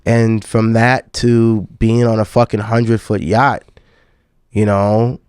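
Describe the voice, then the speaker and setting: A man's voice: fairly low pitch, level tone, slow, a little mellow, clear, resonant tone, dry recording, clean studio sound. A man in his thirties, a podcast host and DJ, telling a long personal story in a casual, profane way and often calling the listener "dog.". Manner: laid-back and profane, calls the listener "dog".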